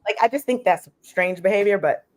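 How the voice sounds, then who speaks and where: A woman co-hosting a casual podcast chat, talking in an animated, questioning way and saying "like" often. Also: medium pitch, brisk. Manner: animated, questioning, many likes. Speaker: co-host.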